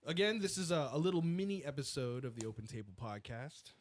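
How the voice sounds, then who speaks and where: A man's voice: fairly high pitch, expressive, a little fast. A man hosting a podcast in casual chat, drawing out words for emphasis. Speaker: podcast host.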